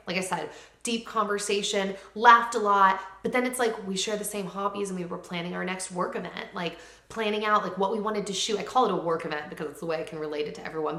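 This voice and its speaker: A woman's voice: medium pitch, sharp tone, roomy sound. A young woman talking casually to camera at home in a heartfelt, chatty way, full of likes and ums. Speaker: lifestyle vlogger. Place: home room with hard floors. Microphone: camera mic.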